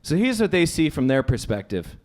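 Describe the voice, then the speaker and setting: A middle-aged man doing a stand-up set in a comedy club, rambling and self-deprecating, with bursts of shouting. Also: fairly high pitch, sing-song, brisk.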